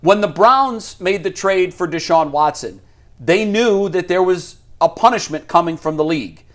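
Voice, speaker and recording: A man's voice: high-pitched, normal speed, fairly bright tone. A man co-hosting a casual sports talk show, giving firm opinions and laughing at his own points. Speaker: sports radio co-host.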